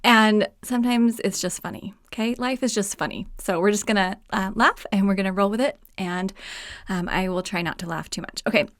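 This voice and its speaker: A woman's voice: medium pitch, brisk, a bit bright, no room sound, clean studio sound. A woman hosting her own podcast alone from a room at home, chatting casually with many fillers and frequent laughter. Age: adult mother. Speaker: podcast host. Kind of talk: solo podcast talk.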